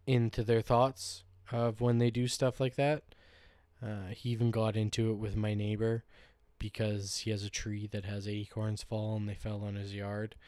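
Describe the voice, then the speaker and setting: Casual low-voiced male podcaster. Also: darkish tone, dry recording, studio quality. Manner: loose, rambling and joking, with swearing. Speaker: podcast host. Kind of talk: casual solo podcast chat. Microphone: podcast microphone.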